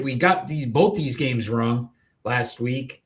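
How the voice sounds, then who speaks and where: A man in the co-host seat of a sports show, rattling off matchups with an upbeat, easy delivery. His voice sits at a middle pitch and runs through loose, joking banter. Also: slow pace. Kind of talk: casual sports picks chat.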